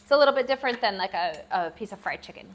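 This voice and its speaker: A woman's voice: medium pitch, animated, a little hiss or hum. Patient woman teaching a language lesson. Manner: patient, repeats words slowly and spells them out. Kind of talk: classroom-style language lesson. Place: lives abroad in Southeast Asia.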